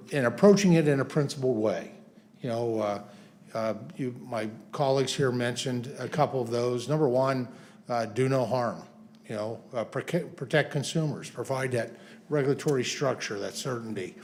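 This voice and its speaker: A man's voice: mid-range voice, a little mellow, a little hiss or hum. A man, a congressman, giving a statement at a press conference, with many fillers and restarts.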